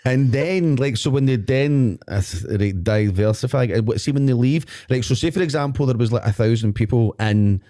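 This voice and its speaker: A man's voice: mid-range voice, normal speed, hardly any pauses, warm tone. A Scottish man with a Glaswegian accent, co-hosting a podcast in casual chat, rambling and joking about himself as he talks. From Scotland. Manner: rambling, joking, self-deprecating. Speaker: podcast co-host. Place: podcast studio.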